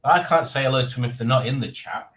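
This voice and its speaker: A man's voice: mid-range voice, fast talker, fairly bright tone. Chatty male live stream host, roomy. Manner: rambling, dry playful teasing, reading chat aloud. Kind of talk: casual live stream chat. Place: home room.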